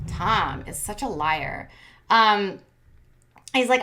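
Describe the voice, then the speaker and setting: A woman in her thirties with a mid-range voice hosts a casual reality TV recap for her commentary channel, speaking slowly in a pushed, bright tone. She's sassy and blunt, mocking the cast in put-on voices.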